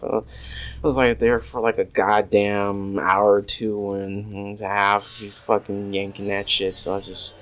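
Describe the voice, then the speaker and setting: A man's voice: lowish voice, flat delivery, moderate pace, rough recording. A man telling a crude story in a casual, rambling way, full of swearing and filler words, while gaming at home. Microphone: desk USB microphone. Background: faint noise and mouse clicks.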